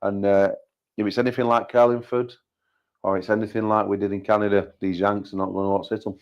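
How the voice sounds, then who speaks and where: A British man, an arm wrestling promoter, hosting a casual livestream chat full of banter and quick joking asides, often repeating himself. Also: fairly low pitch, flat delivery, dull audio. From United Kingdom.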